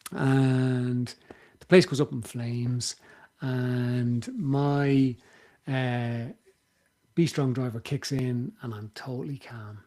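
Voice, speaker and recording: A man with an Irish accent, hosting a podcast, explaining ideas in a casual, animated way and acting out what people say. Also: medium pitch, slow. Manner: animated, acts out quoted voices. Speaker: podcast host.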